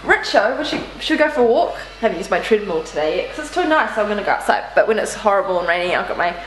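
A woman's voice: mid-range voice, very animated, very fast, low-quality recording. A woman chatting casually in a family vlog, playful, cooing at her pets. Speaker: vlogger. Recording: home camera with clear background noise.

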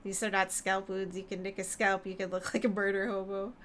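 A woman's voice: medium pitch, level tone, a little fast, a bit bright, slight background noise. A woman, chatting and joking as she streams a video game. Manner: joking, chatty, reacting aloud. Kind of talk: casual gaming commentary.

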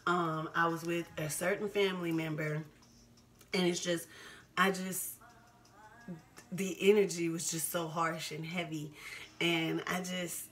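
Woman, twenties, casual vlog talk, slightly low voice, candid, laughs a lot, repeats for emphasis. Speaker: vlogger. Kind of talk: casual personal talk to camera.

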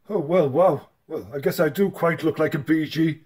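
A man's voice: a little high, measured pace, darkish tone. A man hosting a parody news report in a mock-serious, bantering tone. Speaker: comedy news anchor.

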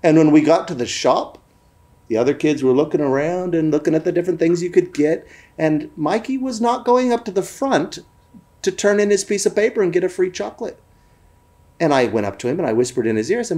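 Lively man telling a family story. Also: fairly high pitch, fairly quick.

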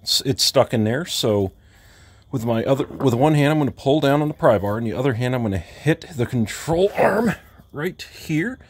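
A DIY car repair vlogger lies under a car in his home driveway, walking through the fix step by step in a casual, matter-of-fact way with plain talk and wry asides. His voice sits at medium pitch with lively intonation, a moderate pace and a breathy edge, and there's no room sound.

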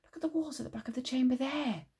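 A woman voicing a curious young boy in a storybook reading, with a hushed, wondering manner. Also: medium pitch, wildly swooping pitch, extremely slow, creaky, husky, heavily acted.

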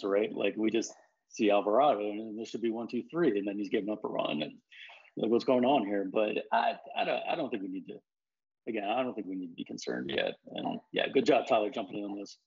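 A man talking baseball as a reporter in a casual chat. He speaks haltingly, with many fillers and restarts. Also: on the low side, very animated, gravelly, a little mellow, husky, dull audio.

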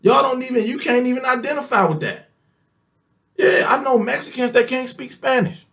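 A man with an African American Vernacular English accent giving a heated monologue rant, emphatic, swearing often, repeating oaths and jumping up in pitch when worked up. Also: normal speed, creaky, a bit bright. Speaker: vlogger ranting to camera.

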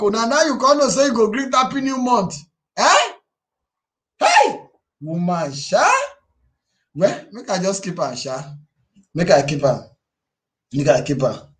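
A man with a Nigerian Pidgin English accent hosting a casual live stream, teasing viewers and reading out their comments. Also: very high-pitched. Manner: animated, teasing, reads viewer comments aloud. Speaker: YouTube live stream host.

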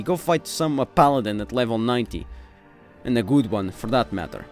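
A man's voice: mid-range voice, lively intonation, fairly quick, faint music behind. A man giving gameplay commentary, ranting in irritation at other players. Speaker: gaming YouTuber.

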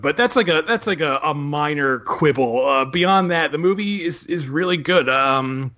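A man's voice: fairly high pitch, bright, forceful tone, lo-fi sound. A man on a podcast panel talking about films in casual chat, hesitant with many fillers and restarts. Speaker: podcast panelist, film writer.

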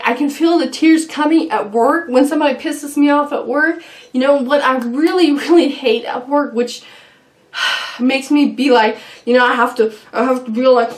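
Giggly high-voiced woman vlogger, rambling. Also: reverberant. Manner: rambling, giggly, lots of fillers. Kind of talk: casual chat. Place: home room.

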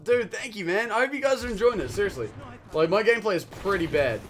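A young man with a New Zealand accent, chatting casually and excitably while streaming a game, swearing and yelling at the action. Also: sits high, brisk. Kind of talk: casual live-stream gameplay chat.

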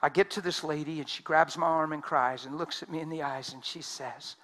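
A man preaching a sermon, telling stories with emphasis and swinging from loud outbursts to hushed tones. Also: fairly high pitch, steady tone, brisk, few pauses. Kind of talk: sermon storytelling.

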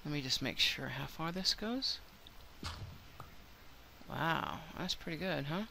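An older woman narrates her gameplay in a chatty, thinking-out-loud way and teases herself now and then. Her voice is bright and a touch tense. A faint hiss sits under the recording. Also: low-pitched, lively intonation, slow pace, gravelly. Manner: chatty, thinks aloud, self-deprecating. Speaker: let's play host. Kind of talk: gameplay commentary.

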